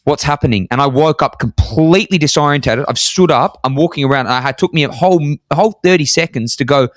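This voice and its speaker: A man, telling a lively story in casual podcast chat, his voice leaping up high for emphasis. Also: fast, no echo, studio quality. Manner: animated, jumps high in pitch for emphasis. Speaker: podcast co-host. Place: apartment in Scotland.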